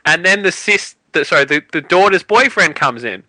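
A man's voice: on the high side, lively intonation, sharp tone, dry recording, low-quality recording. A man, co-hosting a podcast and ranting sarcastically in a casual film review. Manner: ranting, sarcastic, quick asides. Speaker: podcast co-host.

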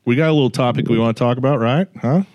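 A man's voice: medium pitch, racing, darkish tone, dry recording, muffled recording. A man hosting a podcast in casual banter, folksy and joking about himself. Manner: folksy, joking, self-deprecating. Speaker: podcast host.

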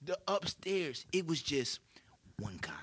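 A man's voice: on the high side, takes it slowly, heavy background noise. A young man telling a story in casual chat, swearing a lot and acting out what others said. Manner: animated, swears a lot, acts out quotes loudly.

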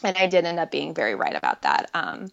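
A woman's voice: low voice, wildly swooping pitch, quick pace, gravelly. Earnest woman guest, dull lo-fi audio. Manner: earnest, reflective, many fillers. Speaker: podcast guest. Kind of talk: candid personal conversation.

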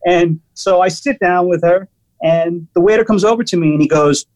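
A man's voice: high-pitched, moderate pace, poor audio. A man, a guest musician, telling casual stories animatedly with lots of restarts. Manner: animated, restarts often, laughs through stories. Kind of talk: casual storytelling.

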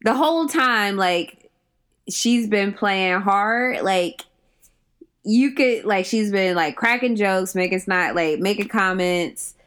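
A woman's voice: mid-range voice, takes it slowly, a bit bright, smooth. A woman in casual chat about a film, blunt and agreeable. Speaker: co-host recapping a film.

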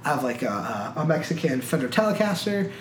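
A man's voice: a little high, animated, fast talker, a little hiss or hum. Young man rambling in an echoey room. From United States Midwest. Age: young adult. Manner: rambling, many restarts and fillers. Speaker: podcast co-host. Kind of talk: casual chat among friends.

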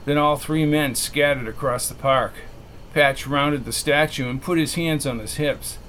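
A man reading a novel aloud as the narrator, in a steady, measured way. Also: a little high, slight background noise. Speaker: audiobook narrator. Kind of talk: scripted narration.

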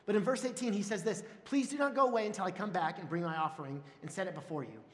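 A man preaching a sermon and telling stories with animated swings into loud, high exclamations. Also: fast talker. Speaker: pastor. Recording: echoey hall with long reverb.

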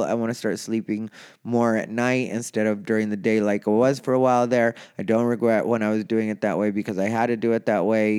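A man talking casually and candidly on his own show, rambling from thought to thought and getting animated, tired and yawning. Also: on the low side, smooth. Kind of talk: casual solo talk.

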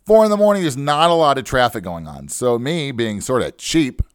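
A man's voice: mid-range voice, very animated, moderate pace, clear, resonant tone, no echo, studio quality. A man hosting a personal finance podcast, telling a long chatty story full of rhetorical "right?" asides. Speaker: podcast host. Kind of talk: storytelling monologue.

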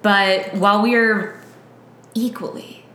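A woman's voice: mid-range voice, fairly even intonation, takes it slowly, fairly bright tone. A young woman hosting a podcast, chatty and casual, laughing often. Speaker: podcast host. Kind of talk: casual chat. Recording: roomy echo, faint room noise.

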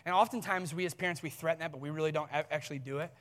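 A man preaching as a pastor, telling a story from his own family life with earnest warmth and laughing at himself. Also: on the high side, very fast. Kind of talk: sermon with personal story. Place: large church hall. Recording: long church hall reverb.

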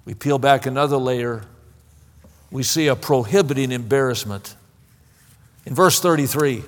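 A man's voice: mid-range voice, moderate pace. A man preaching a sermon in an impassioned way, often stammering and repeating words. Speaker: pastor. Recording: long hall reverb.

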